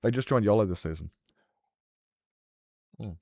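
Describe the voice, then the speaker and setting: A man's voice: fairly low pitch, normal speed, vocal fry, dark tone, dry recording, clean studio sound. An Australian man streaming a game, chatting casually and rambling with lots of fillers while he responds to chat.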